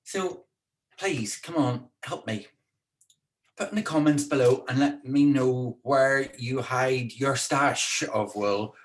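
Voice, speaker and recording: A man's voice: mid-range voice, takes it slowly. A man hosting a casual live-streamed talk from home in a chatty, playful, teasing way. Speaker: co-host and speaker. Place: indoors at home.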